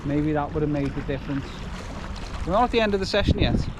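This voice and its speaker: A man's voice: on the high side, lively intonation, fast. A chatty man, moaning good-humouredly and laughing at his own bad luck as he talks straight to his viewers. He is out on an open riverbank, and a heavy roar of wind buffets the microphone the whole time. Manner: chatty, grumbling and self-mocking. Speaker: fishing vlogger. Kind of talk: casual vlog to camera. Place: outdoors on a windy riverbank. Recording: loud wind noise on the mic.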